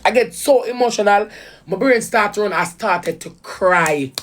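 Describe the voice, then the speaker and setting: Speaking a little slowly at medium pitch, a Jamaican-accented woman vents to viewers about being betrayed. It's an emotional, heated personal rant from a vlogger, laced with patois swearing.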